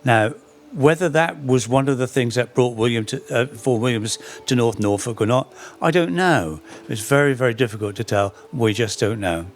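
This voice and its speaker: A man's voice: mid-range voice, moderate pace. A middle-aged man giving an anecdotal talk on folk history, with dry humour and frequent self-corrections. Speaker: speaker giving a public talk.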